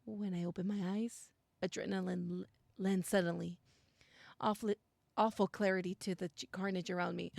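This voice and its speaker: Excitable young woman with gravelly fry. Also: lowish voice, normal speed, dry recording, clean studio sound. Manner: excitable, gasps and squeals at scary moments, mixes in Spanish. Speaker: streamer playing a visual novel. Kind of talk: reading game text aloud with reactions and chat.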